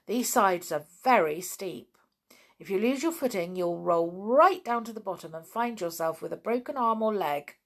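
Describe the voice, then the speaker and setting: A woman voicing a calm, responsible older boy in a storybook reading. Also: mid-range voice, moderate pace. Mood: sensible.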